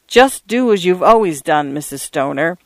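Man doing a tired glum priest, dry and weary, higher-ish voice. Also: expressive, normal speed, dry recording. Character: weary 59-year-old male parish priest, dry and glum.

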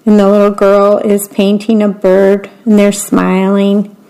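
Lady reading kids picture books, gentle, slow, talks about the pictures. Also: medium pitch, monotone, gravelly, low-quality recording. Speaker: read-aloud storyteller.

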